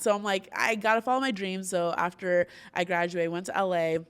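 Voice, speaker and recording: A woman's voice: lowish voice, brisk, smooth. A young woman from Orlando, hosting a podcast, telling a story in casual chat with many fillers and frequent laughs. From Orlando, Florida. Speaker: podcast host.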